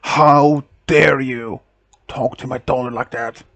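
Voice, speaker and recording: Man doing a booming angry father. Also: fairly even intonation, slow pace, fairly bright tone, dry recording. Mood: stern.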